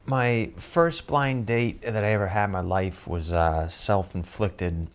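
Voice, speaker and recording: A man's voice: fairly low pitch, a little slow. Rambling, self-deprecating male storyteller. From Boston. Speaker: comedian. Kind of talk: comic storytelling.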